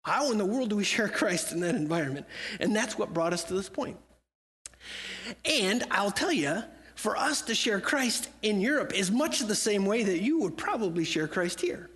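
A man's voice: high voice, lively intonation, normal speed, fairly bright tone. A man speaking as a missionary at a church, talking conversationally and acting out imagined dialogue. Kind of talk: church talk with acted-out quotes. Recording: long hall reverb.

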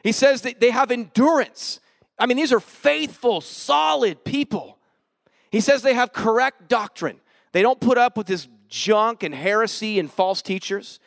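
A man preaching a sermon, telling his conversion story with animated emotion, casual slang and sudden swings from loud to hushed. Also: very high voice, unhurried, creaky, no echo. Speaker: pastor. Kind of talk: sermon with personal testimony.

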